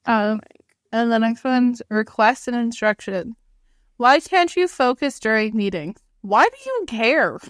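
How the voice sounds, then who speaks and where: A young woman co-hosting a podcast, with a somewhat high voice and a chatty, filler-heavy way of talking as she acts out her own replies. The sound is close and dry. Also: lively intonation, a little slow, no echo. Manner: chatty, full of "like", quoting her own retorts. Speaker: podcast co-host. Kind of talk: casual chat.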